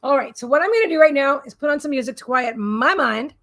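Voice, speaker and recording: A woman's voice: sits high, lively intonation, fast talker, fairly bright tone. A woman hosting a casual livestream from home, rambling and bubbly as she answers viewers' comments aloud. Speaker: livestream host and psychic reader.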